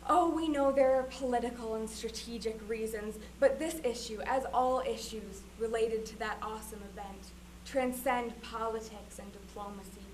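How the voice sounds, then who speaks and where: A woman's voice: fairly high pitch, normal speed, hardly any pauses, slight background noise, poor audio. A woman giving an impassioned, solemn recitation of a formal speech. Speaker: performer.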